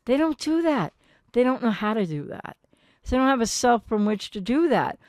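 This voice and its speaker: A woman in her sixties, a therapist, giving earnest, gentle advice straight to her viewers and acting out quoted partners now and then. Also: on the high side, sing-song, moderate pace, dry recording, studio quality.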